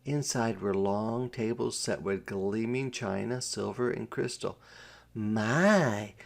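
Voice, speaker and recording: A man reading a children's picture book aloud in a measured narrating style. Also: lowish voice, gravelly, a little mellow. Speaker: storybook reader.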